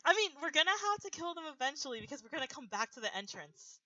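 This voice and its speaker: Lively bright-voiced man, teasing. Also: extremely high pitch, fast talker, no echo, dull audio. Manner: teasing, animated, pushes the group on. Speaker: player. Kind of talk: casual tabletop game chat.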